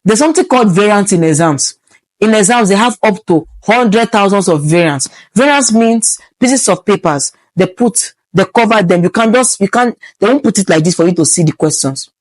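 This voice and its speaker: A woman's voice: mid-range voice, normal speed, no echo. Preachy Nigerian woman vlogger. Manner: preachy and animated, slipping into pidgin asides. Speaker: medical student vlogger. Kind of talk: casual advice vlog.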